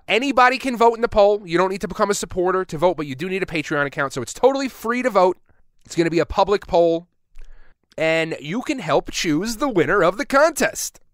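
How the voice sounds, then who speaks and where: A man's voice: high-pitched, a bit bright, smooth, no echo, clean studio sound. A man hosting a podcast, reading out listener submissions and riffing on them with rambling jokes. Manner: joking, rambling asides. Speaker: podcast host.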